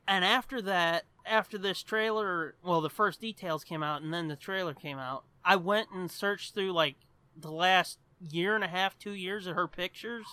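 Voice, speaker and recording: High, bright-voiced man in animated banter. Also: clear, resonant tone, no echo. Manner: animated, swears a lot, rambling. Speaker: podcast co-host. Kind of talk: casual chat.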